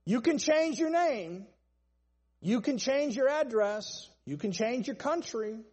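A man's voice: very high-pitched, lively intonation, slow pace, a little mellow, in a large hall. A man preaching a sermon, stressing points through long repeated lists. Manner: emphatic, repetitive list-style preaching.

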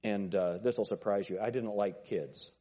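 A man's voice: lowish voice, normal speed, mellow. A middle-aged man preaching a folksy sermon as a pastor, joking with his congregation in a church. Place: church sanctuary.

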